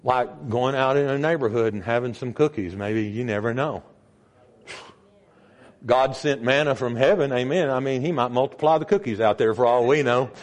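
An older man preaching a sermon as pastor, emphatic, with sudden jumps in pitch and volume. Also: moderate pace.

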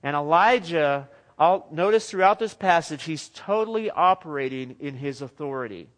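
A man preaching a sermon in a lively, conversational way with joking asides. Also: fairly high pitch, moderate pace.

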